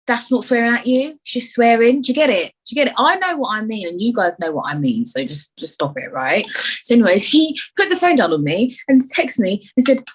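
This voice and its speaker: Brief: woman, solo podcast host, husky voice, loose and rambling, swears a lot. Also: fairly high pitch, big pitch swings, quick pace, rough recording. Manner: chatty, swears freely, rambles off on tangents. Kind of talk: casual solo chat.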